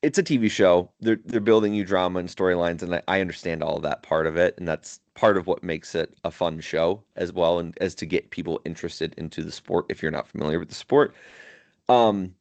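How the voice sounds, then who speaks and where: This co-host talks briskly in a low, darkish voice during a casual podcast chat. Laughing often, he retells funny moments and wanders through his points with many fillers and restarts.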